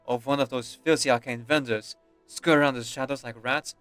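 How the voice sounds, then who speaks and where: A man's voice: mid-range voice, steady tone, a little fast, a bit bright, clear, resonant tone, no echo, soft background music, close to an everyday voice. A man reading game dialogue aloud, voicing a haughty, contemptuous nobleman father with a stern, scornful delivery.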